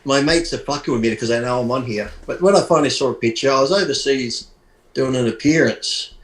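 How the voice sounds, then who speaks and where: A man's voice: mid-range voice, brisk, reverberant, poor audio. A man telling a blunt, profane personal story as a podcast guest, laughing as he goes. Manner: blunt, swears often, laughs through his story. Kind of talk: crude anecdotal storytelling.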